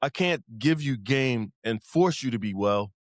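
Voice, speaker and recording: A man's voice: medium pitch, animated, measured pace, dry recording, studio quality. Rambling, chuckling podcast host man. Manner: rambling, repeats words, chuckles often. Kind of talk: casual podcast chat.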